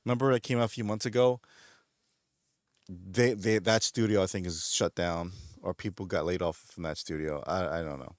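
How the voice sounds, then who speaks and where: A man's voice: low-pitched, steady tone, moderate pace, no room sound, clean studio sound. A man streaming, chatting casually while gaming, rambling along and laughing often. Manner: rambling, laughs often, does goofy voices in retold scenes.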